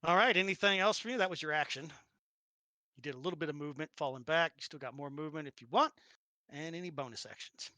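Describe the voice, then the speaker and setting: A man running a tabletop game session, his voice bright and slightly raised in pitch. He narrates with animated energy and mouths playful sound effects. The sound is dry and close. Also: quick pace, dry recording. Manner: animated, laughs often, acts out sounds. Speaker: game master.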